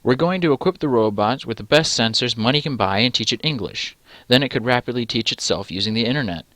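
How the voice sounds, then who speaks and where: A man's voice: medium pitch, animated, fast talker, fairly bright tone, no echo, lightly acted. A man voicing a pompous male scientist who talks in a put-on American Southern drawl. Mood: smug. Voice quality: pompous, condescending.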